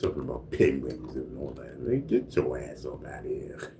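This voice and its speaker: A man's voice: extremely low pitch, animated, moderate pace, dark tone, slight background noise. A man hosting a casual livestream, chatting loosely and reading out viewer comments. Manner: laid-back, repeats "you know what I mean", frequent laughs and coughs. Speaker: livestream host. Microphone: single mic livestream.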